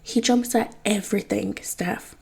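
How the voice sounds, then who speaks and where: A woman's voice: medium pitch, fairly even intonation, measured pace, creaky, darkish tone, breathy edge. Woman voicing a prying, wry teenage boy.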